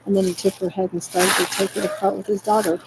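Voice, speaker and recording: A woman's voice: mid-range voice, flat delivery, fast talker, very noisy. A tearful woman in a rambling, distressed monologue, agitated and repetitive, swearing as she talks.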